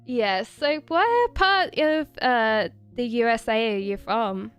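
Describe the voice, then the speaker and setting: A woman's voice: on the high side, clean tone. A woman with an Australian accent blended with British, chatting casually on a live stream as a tarot reader, rambling and giggling with lots of fillers. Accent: Australian mixed with British.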